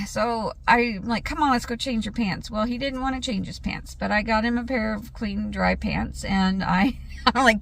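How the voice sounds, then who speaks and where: A woman's voice: fairly high pitch, moderate pace, vocal fry, a bit bright. A woman vlogging in a chatty storytelling way, laughing often and acting out what was said. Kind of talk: casual vlog chat.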